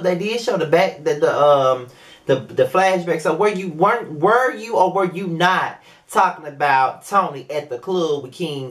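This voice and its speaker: A young man giving a casual, profane review to the camera, his pitch swinging widely up and down as he gets worked up. He tosses in filler asides as he goes, and his tone stays chatty rather than scripted. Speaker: show host reviewing a reality series. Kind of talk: casual video review commentary.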